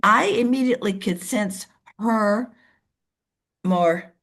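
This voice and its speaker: A woman leading a team meeting over a video call. She coaches in an animated way and acts out the voices of the people she describes. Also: mid-range voice, slow pace. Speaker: team leader. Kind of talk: motivational coaching talk.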